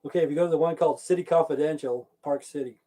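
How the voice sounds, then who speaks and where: On his livestream, a man rants casually in a slightly high, very fast, warm voice, though the audio is poor. He rambles, swears a lot, keeps saying "okay," and chats back to viewers in the stream chat.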